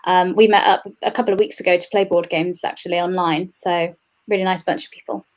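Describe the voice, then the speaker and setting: A woman's voice: on the low side, fairly even intonation, brisk. A young woman chatting as an interview guest. She talks easily, laughs often and fills gaps with "um" and "uh". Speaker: guest, games industry administrator. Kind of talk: casual interview chat.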